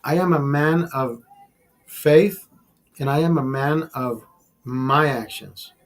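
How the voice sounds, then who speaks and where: A man's voice: medium pitch, slow pace. A man hosting a casual livestream, ranting in a heated, preachy way and swearing often. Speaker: livestream host. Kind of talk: casual talk to a live chat.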